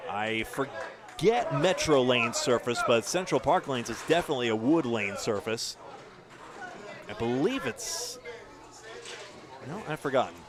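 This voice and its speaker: New england guy calling bowling, lively ups and downs, crowd noise all around. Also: medium pitch, a little slow, long pauses. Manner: chatty, animated play-by-play. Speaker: bowling commentator. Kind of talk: live sports commentary. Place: bowling alley.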